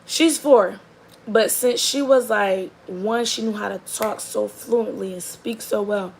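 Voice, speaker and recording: Gravelly young woman telling a story. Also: mid-range voice, low-quality recording. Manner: animated, chatty, quick asides. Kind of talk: casual comedic storytelling.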